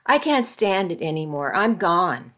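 A woman's voice: lowish voice, big pitch swings, a little slow, a bit bright. A woman reading as an angry, controlling husband. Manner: harsh, scolding.

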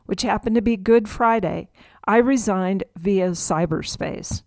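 A middle-aged woman reading her memoir aloud in a measured, reflective storytelling manner. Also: mid-range voice, darkish tone, no echo. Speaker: memoir narrator.

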